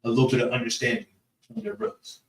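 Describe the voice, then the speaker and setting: A man's voice: medium pitch, wildly swooping pitch, fast talker, gravelly, slight background noise. Man, class leader, casual preachy delivery, echoey room, mic far off. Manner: casual, repeats phrases, asks the room for agreement. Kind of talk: preaching-style group lesson.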